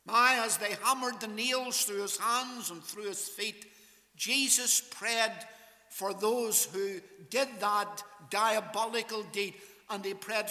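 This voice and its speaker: A man preaching a sermon in a measured way, quoting scripture in King James wording. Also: high voice, fairly even intonation, sharp tone, big-room sound. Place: church.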